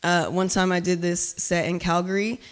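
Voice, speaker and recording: Intense woman poet, smooth clear voice. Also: on the low side, level tone, normal speed. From Cuba. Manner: loud, emphatic, intense delivery. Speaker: spoken word poet. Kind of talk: spoken word poetry performance with chatty asides. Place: live reading at an art gallery.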